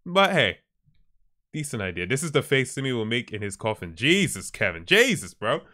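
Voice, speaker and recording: A man's voice: mid-range voice, sing-song, moderate pace, pushed and bright. Laid-back male livestreamer, chatting to viewers. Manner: laid-back, chuckling, talks to chat. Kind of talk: casual chat, reacting to viewer posts. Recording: stream with faint background music.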